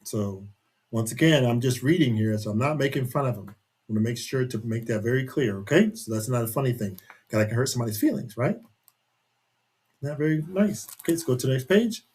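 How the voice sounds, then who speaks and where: A man's voice: mid-range voice, animated, a little fast, a little mellow, breathy edge. A man reading a picture book aloud to children in a chatty way, stopping to ask his young listeners questions.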